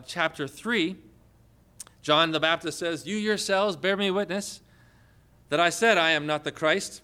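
A male pastor preaching a sermon, lively and often asking the congregation questions. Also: a little high, smooth.

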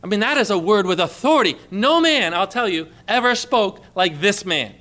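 A man delivers a sermon at a moderate pace in a high voice. He tells stories with animation and emphasis, building up to exclamations.

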